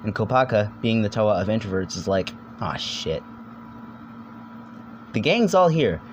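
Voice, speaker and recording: A man's voice: fairly low pitch, big pitch swings, slight background noise. A young man narrating a casual comedic video essay, rambling and joking, swearing now and then. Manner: rambling, jokey, swears, quick silly voices.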